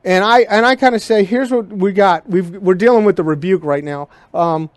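A male pastor teaches scripture verse by verse, his voice sitting high for a man. He talks in a conversational way and keeps tossing questions to the congregation. The sound is dry and close, with almost no room echo. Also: moderate pace. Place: church sanctuary.

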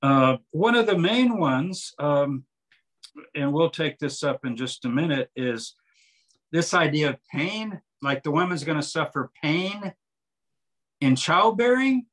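Animated older man explaining scripture. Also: a little high, unhurried. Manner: animated, explains with examples and quoted readings. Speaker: author and translator, interview guest. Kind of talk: conversational interview.

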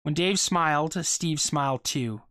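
A reader telling a short story aloud in a steady voice, with small stumbles and repeated words. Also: medium pitch, unhurried, dry recording, studio quality.

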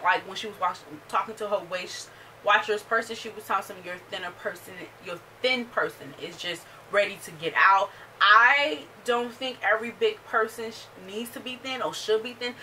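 A woman casually recapping a TV episode, acting out the characters' lines in quick voices and swearing freely. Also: mid-range voice, bright, forceful tone, distant mic, slight background noise. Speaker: show reviewer.

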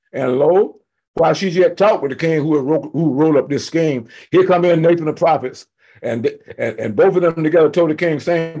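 A man teaching a church Bible study, retelling scripture in loose everyday speech with humorous asides and emphatic, slowed-down stresses. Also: fairly high pitch, darkish tone. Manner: fired up and emphatic, slowing to stress key words.

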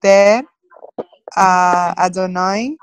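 A woman's voice: fairly low pitch, very slow, clean tone, no room sound. Giggly, hesitant woman student. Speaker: student joining a live class. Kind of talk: casual chat.

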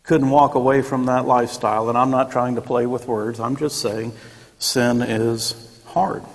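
A man's voice: mid-range voice, steady tone, fairly quick. A man teaching a church Sunday school class in a conversational way, with joking asides and acted-out quotes. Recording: long echoey church room.

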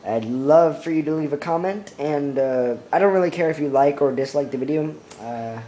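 A man's voice: a little high, normal speed, mellow, a little hiss or hum. Rambling young man vlogging at home. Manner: hesitant, filler-heavy, mock-profound wordplay. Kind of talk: casual rambling monologue to camera. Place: at home indoors.

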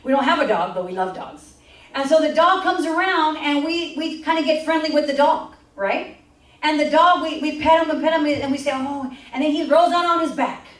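A woman's voice: high-pitched, normal speed. A woman pastor teaching a sermon in a church, repeating scripture lines and drawing replies from the congregation. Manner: call-and-response preaching, repeats scripture lines. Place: church sanctuary. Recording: echoey church hall from far off.

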